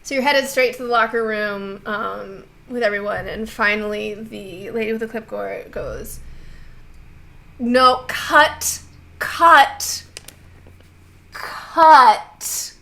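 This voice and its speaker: A woman's voice: medium pitch, steady tone, moderate pace, gravelly, hardly any pauses, fairly bright tone, rough recording. A woman narrating a tabletop game as game master in a playful storytelling way.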